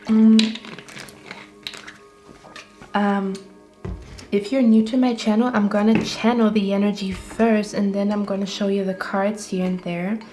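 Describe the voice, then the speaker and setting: A woman's voice: medium pitch, level tone, measured pace, long pauses, mellow. A woman giving a casual tarot reading, chatty and reassuring, often checking in with "okay?". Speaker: tarot reader. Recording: roomy echo with faint music.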